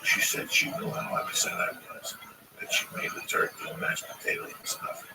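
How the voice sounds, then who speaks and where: A man hosting a livestream, telling stories and ranting with blunt, heavily profane advice. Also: moderate pace. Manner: blunt, heavy swearing, preachy advice. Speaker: livestream host. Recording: distant mic in loud noise.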